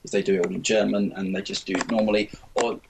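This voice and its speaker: A man's voice: fairly low pitch, level tone, quick pace, creaky, background noise. A man hosting a casual film discussion podcast, thoughtful and hesitant with many restarts. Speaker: podcast host.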